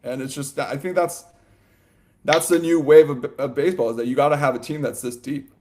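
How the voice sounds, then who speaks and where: A man co-hosting a sports podcast, talking in a loose, animated ramble full of "like" and "you know" and quick laughs. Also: medium pitch, slight background noise. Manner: laughs often mid-sentence. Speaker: podcast co-host. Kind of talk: casual sports chat.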